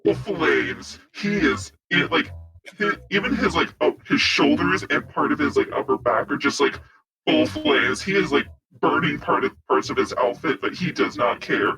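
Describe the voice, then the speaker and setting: A man's voice: a little high, very animated, moderate pace, pushed and bright, low-quality recording. A man playing in a tabletop game, describing his character in a laughing, profane, rambling way. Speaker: player.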